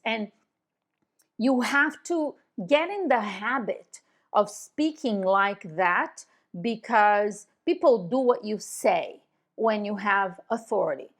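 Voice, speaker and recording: A woman's voice: lively intonation, slow pace. A middle-aged woman coaching real estate agents in an instructional video, talking confidently and emphatically. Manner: confident, emphatic, demonstrates tone with sudden pitch jumps.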